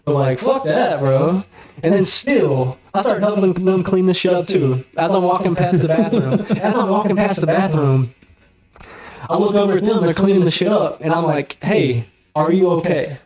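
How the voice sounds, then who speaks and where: A man guest on a podcast, telling a story in a casual, animated, slang-heavy and profane way. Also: high-pitched, moderate pace, over a noisy crowd. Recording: roomy echo.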